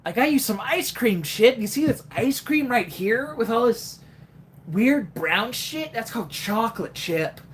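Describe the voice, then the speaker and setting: A streamer doing an impression of a cocky cartoon hedgehog hero in a high, bouncy voice. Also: animated, unhurried, slight background noise, close to an everyday voice. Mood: teasing.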